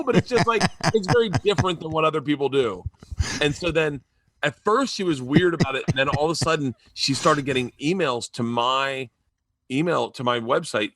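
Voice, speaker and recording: Middle-aged guy telling wild stories on a podcast, does all the voices, dry close sound. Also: dry recording. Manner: animated, acts out quoted voices with big pitch jumps. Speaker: guest comedian. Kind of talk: storytelling in casual chat.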